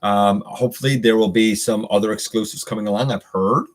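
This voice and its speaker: A man's voice: lowish voice, fairly even intonation, fairly quick. A middle-aged man hosting a casual live stream, chatting loosely with viewers and reading their comments, with many fillers and restarts.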